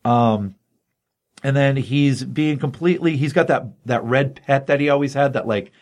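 A man hosting a casual comic book chat, excitedly retelling a story in a loose, rambling way. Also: medium pitch, moderate pace. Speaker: comic book podcast host.

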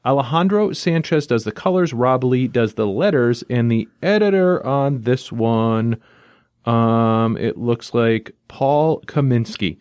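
A man's voice: mid-range voice, animated, slow pace, a little mellow, dry recording. Upbeat male comics reviewer, dry sound. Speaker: podcast co-host, comics reviewer. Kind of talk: casual chat, comic review.

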